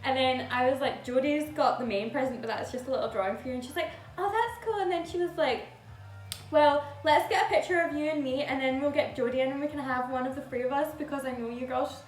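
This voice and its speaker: A young woman telling a story in casual chat, chatty and quick to chime in. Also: high voice, fairly even intonation, roomy sound, faint music behind. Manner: chatty, chiming in, laughing.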